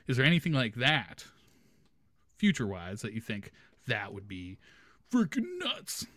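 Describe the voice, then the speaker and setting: A man's voice: fairly low pitch, lively intonation, normal speed, bright, forceful tone, no echo, studio quality. A young man hosting a podcast, telling a funny story casually and animatedly, laughing as he goes. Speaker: podcast host.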